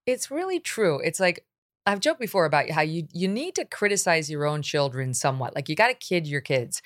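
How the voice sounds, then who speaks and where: A middle-aged woman hosting a talk show, blunt and animated, quick to laugh. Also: low voice. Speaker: host.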